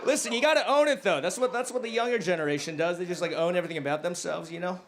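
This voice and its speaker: A male stand-up comedian doing a crude, self-mocking set, dropping to low mumbles and then bursting out loud. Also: rapid-fire. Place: comedy club stage. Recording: live club recording with noticeable background noise. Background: audience laughter.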